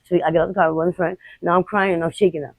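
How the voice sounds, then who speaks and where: A woman interviewed outdoors on the street, recounting her experiences in a blunt, unfiltered way with halting restarts. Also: on the low side, little pitch movement, dry recording, low-quality recording. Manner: rapid, halting retelling. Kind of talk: candid personal storytelling.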